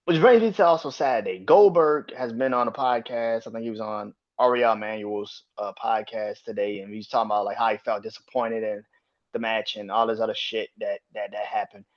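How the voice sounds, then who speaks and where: A man hosting a solo wrestling podcast, talking in a profane, heated rant that swings from low mutters to sharp outbursts. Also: fairly even intonation, a little fast, lo-fi sound. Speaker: podcast host.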